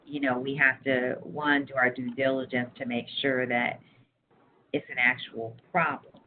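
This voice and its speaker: A woman's voice: rumbling low, unhurried, a little hiss or hum. Woman on a tinny phone line. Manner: acts out quoted remarks in a lively way. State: sleepy. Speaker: interviewee, community partnership staff. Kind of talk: casual phone interview.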